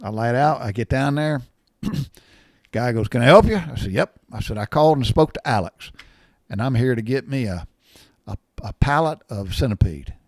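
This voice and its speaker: An older man, telling a rambling story in a folksy way, often clearing his throat and repeating words. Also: medium pitch, lively intonation, moderate pace, darkish tone, no room sound, studio quality. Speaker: vlogger.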